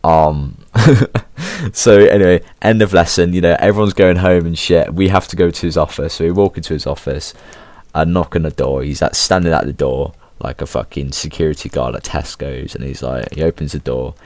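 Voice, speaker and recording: English teen guy ranting about school, low voice, swears loads, chill and slangy, dead dry recording. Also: moderate pace, darkish tone, dry recording. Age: teens. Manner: slangy, swears a lot, laid-back. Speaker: vlogger. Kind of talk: casual storytelling.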